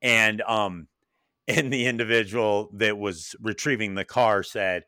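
A man hosts a relaxed conversation with a bright, forward voice. He tells stories with enthusiasm and slips into quoted voices. The sound is dry and close to the mic. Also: lowish voice, slow pace, clear, resonant tone, no echo. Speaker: podcast host. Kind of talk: casual interview chat.

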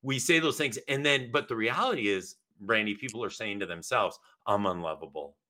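A man hosting a podcast interview, talking in an animated, casual way with frequent restarts. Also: mid-range voice, fairly quick. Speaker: podcast host.

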